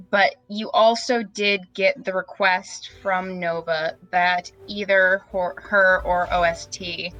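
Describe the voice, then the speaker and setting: A woman's voice: on the low side, pushed and bright, low-quality recording. A woman running a tabletop game, recapping the last session in a rambling way with many fillers. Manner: rambling, filler-heavy, friendly. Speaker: game master.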